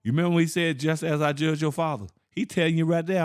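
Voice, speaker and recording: A man with teaching scripture informally, asking rhetorical questions, laughing and reading verses slowly. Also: a little high, fairly even intonation, clean tone. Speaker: Bible teacher.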